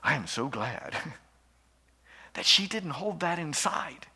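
Male pastor, sermon, slow deliberate delivery, fairly high voice. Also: animated, sharp tone, breathy edge. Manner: emphatic, storytelling preacher.

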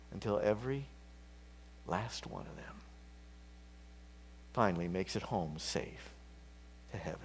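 Man preaching in hushed, rising bursts. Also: low voice, animated, a little slow, long pauses, a little hiss or hum. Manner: swings from hushed whispers to loud fervent peaks; conversational, with fillers and slips. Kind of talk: sermon.

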